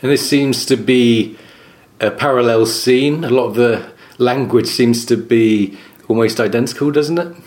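A man hosting a podcast who talks about a book in a relaxed, conversational way. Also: medium pitch, unhurried. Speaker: podcast host. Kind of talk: casual book discussion.

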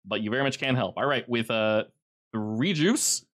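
A man's voice: medium pitch, moderate pace, fairly bright tone. A man running a tabletop game as game master, telling the scenes in a casual, vivid way with many fillers.

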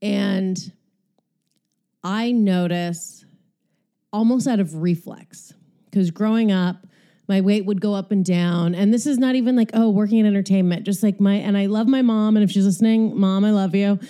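A woman's voice: mid-range voice, steady tone, moderate pace, warm tone. A woman hosting a candid, profane, rambling monologue while she exercises, out of breath.

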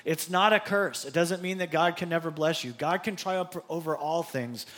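A man's voice: a little high, normal speed, fairly bright tone. A middle-aged man preaching a sermon as pastor, in a conversational style with personal asides.

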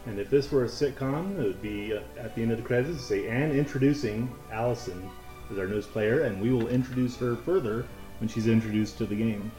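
A man runs a tabletop game as game master, narrating the scene in a chatty, halting way full of restarts. His voice sits at an ordinary pitch. The room around him is roomy, with faint music underneath. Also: warm tone.

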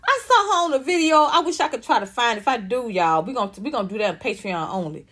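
A woman's voice: fairly high pitch, lively intonation, fast, a bit bright. Brash, profane woman gossiping animatedly. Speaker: channel host. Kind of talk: casual celebrity gossip commentary.

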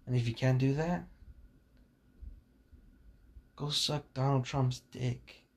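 A man's voice: medium pitch, slow pace. A young man hosting a casual podcast, talking in a blunt, rambling and profane way, full of fillers, with a sore voice. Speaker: podcast host.

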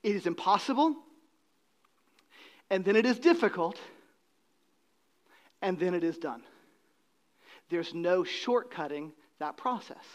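A man preaching a sermon, swinging between loud, emphatic lines and hushed, quiet drops. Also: sits high, expressive, slow pace, pauses often. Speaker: pastor.

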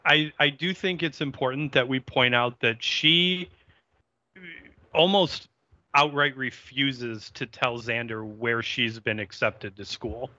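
A man with a bright, sharp tone who talks slowly and weighs his points. He casually argues about a TV show's plot. The recording is dry and close but a bit dull. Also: medium pitch, no room sound. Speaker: podcast co-host. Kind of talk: casual chat discussing a TV episode.

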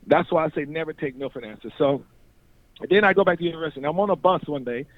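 Man telling animated stories over tinny radio. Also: a little high, racing, dry recording. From North Carolina. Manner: acts out voices in his stories, laughs often, repeats words. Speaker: guest telling his life story. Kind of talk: animated storytelling chat. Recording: tinny phone-like radio sound.

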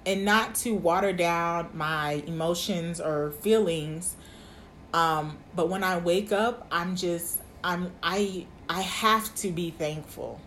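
Woman, 20s, podcast host, candid monologue, slightly low voice, faint background noise. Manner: candid, chatty, uses y'all. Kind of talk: casual monologue.

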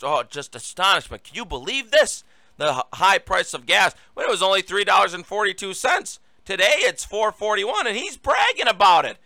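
Male talk host, political monologue, sarcastic rant, bright sharp voice, dry close sound. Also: high voice, no echo. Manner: sarcastic, ranting, addresses listeners as folks. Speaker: radio talk show host.

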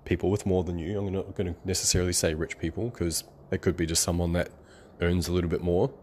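A man talks through a motivational monologue in a loose, rambling way. His voice sits fairly low, and he drops in sarcastic asides and short laughs as he circles his point. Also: fairly even intonation, fast, a little mellow, slight background noise.

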